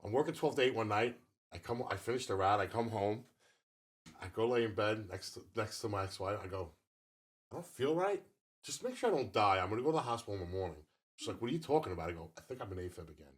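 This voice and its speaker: A man's voice: lowish voice, fast, breathy edge. A man in his fifties co-hosting a podcast, telling a long story in casual chat and swearing freely. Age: 50s. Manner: profane, rambling storyteller. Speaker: podcast co-host.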